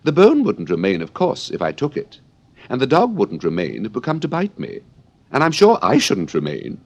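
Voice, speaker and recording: A man's voice: medium pitch, wildly swooping pitch, normal speed, darkish tone, lo-fi sound, pitched above the performer's own voice. A man reading an audiobook, voicing a polite, earnest young girl in a prim, reasonable way.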